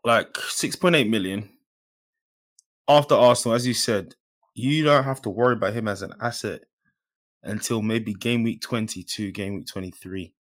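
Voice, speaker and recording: A man with a lowish voice, co-hosting a football podcast. He keeps things easygoing, with slangy, relaxed banter. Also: moderate pace. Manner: laid-back, slangy banter. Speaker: podcast co-host. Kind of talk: casual football chat.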